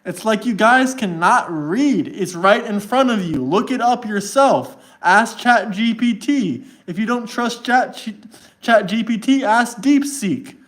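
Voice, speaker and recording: A man's voice: high voice, animated, slow, a bit bright. A man livestreaming and arguing with his chat in a combative, mocking way, reading text aloud to prove his point. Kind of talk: live stream chat rant.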